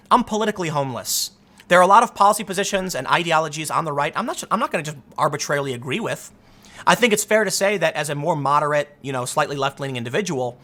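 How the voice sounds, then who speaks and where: Speaking at a fairly high pitch, this man gives solo political commentary in a sarcastic, animated manner. He rambles and often restarts his sentences.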